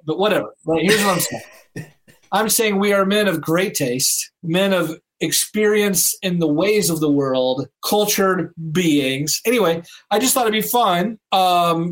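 A man co-hosting a sports podcast in casual chat, enthusiastic and chatty, with many fillers and restarts. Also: on the high side. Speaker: podcast co-host.

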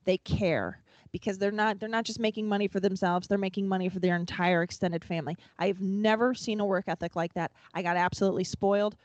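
A man voicing a gruff, rambling older father who speaks bluntly and chuckles between lines. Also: sits high, fairly even intonation, a little fast, few pauses, no echo, lo-fi sound, natural voice. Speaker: panelist.

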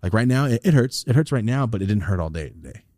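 In a dry, studio-quality recording with no room sound, a young man with a lowish voice co-hosts a podcast, speaking quickly. He chats casually about recovering from a sinus infection, cursing often and animatedly acting out other people's quotes.

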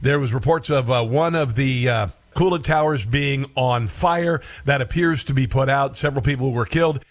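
A man's voice: medium pitch, normal speed. A man hosting a political commentary show, sarcastic and rambling, with many filler sounds.

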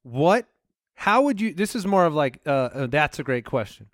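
Animated, higher-voiced man asking questions. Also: no room sound, studio quality. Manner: asks questions, steers the talk, quick and animated. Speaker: podcast co-host. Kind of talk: casual comedy chat.

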